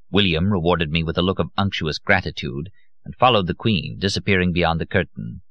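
A man reading an audiobook in an expressive, theatrical way. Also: low voice, brisk, no echo, dull audio. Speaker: audiobook narrator.

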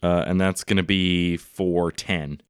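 A man playing a tabletop game, stating his character's actions in a steady, matter-of-fact way. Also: low-pitched, takes it slowly, slight background noise. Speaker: player.

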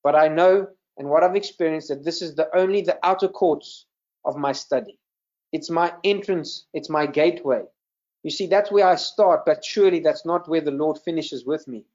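A man's voice: a little high, moderate pace, a little mellow, lo-fi sound. A man serving in ministry gives an earnest sermon over a video call, often repeating words as he teaches. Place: video call with screen share.

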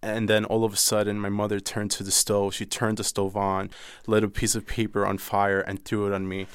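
A young man from the Dominican Republic slowly recounting a painful personal story in an interview, with halting pauses. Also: on the low side, completely flat delivery, clear, resonant tone, dry recording, clean studio sound. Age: young adult. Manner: slow, halting, emotional retelling.

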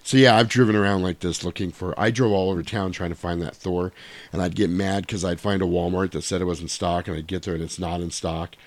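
A man's voice: low voice, a little fast. A man co-hosting a casual podcast, telling stories with lots of swearing and acting out other people's lines. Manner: animated storyteller, swears a lot, acts out lines. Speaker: podcast co-host. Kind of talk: casual chat.

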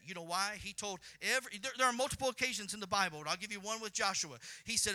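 A man preaching a sermon to a congregation, swelling into loud, fervent delivery and acting out prayers in the first person. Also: high voice, fast, hardly any pauses. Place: church.

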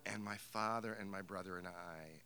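A man's voice: deep voice, moderate pace, gravelly, pushed and bright. A man from New Hampshire telling a wry, amused family story to a live theater audience. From New Hampshire, USA. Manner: wry, amused, laughs through his story. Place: theater stage.

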